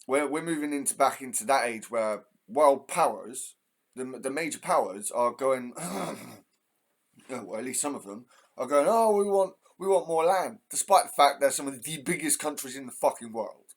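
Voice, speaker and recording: A man's voice: mid-range voice, normal speed. Angry English man ranting. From England. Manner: angry, profane, heated. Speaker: host. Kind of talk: ranting monologue.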